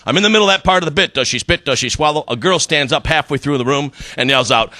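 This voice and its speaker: A man's voice: a little high, fast talker, few pauses, bright, forceful tone. A middle-aged man doing a stand-up comedy routine on a club stage, telling stories with punchy delivery and acted-out quotes.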